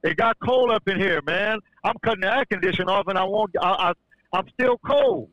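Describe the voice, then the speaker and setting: A man tells a religious testimony in a bright, pressing voice. He stumbles over restarts and then rises into fervent emphasis. The recording is dry and dull, with a lo-fi sound. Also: sits high, sing-song, no echo. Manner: halting, many restarts, builds to fervent emphasis. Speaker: podcast guest sharing testimony. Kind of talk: casual church-style testimony.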